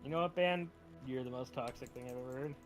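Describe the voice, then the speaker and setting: A man chatting casually while playing a game, relaxed and wry. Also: medium pitch, fast, soft background music. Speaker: streaming co-player. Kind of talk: casual chat while gaming.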